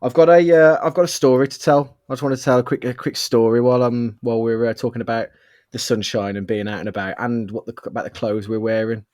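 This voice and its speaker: A man's voice: mid-range voice, fast, no echo, studio quality. A man co-hosting a podcast in casual chat, telling stories with lots of laughs, over a webcam mic. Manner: animated storyteller, laughs a lot. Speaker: podcast co-host.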